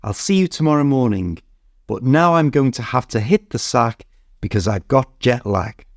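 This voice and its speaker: A man's voice: mid-range voice, lively intonation, moderate pace, no room sound, clean studio sound. A man with a British accent voicing a cheerful, chatty uncle who likes a quip. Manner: chatty, quippy.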